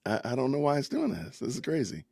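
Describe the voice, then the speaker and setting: Speaking in a mid-range voice whose pitch swoops wildly, this middle-aged man with a drawl hosts a podcast livestream from home, chatting loosely and laughing often as family is heard in the kitchen. His voice is gravelly, a bit husky, quick, and a little mellow. The sound is dry and close, with no echo.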